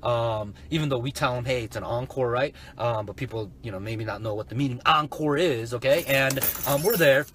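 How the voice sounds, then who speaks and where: A man telling a casual story about a sales webinar in an animated way, often checking in with "right?". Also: mid-range voice, moderate pace, hardly any pauses, slight background noise. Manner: animated, keeps asking "right?". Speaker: online entrepreneur.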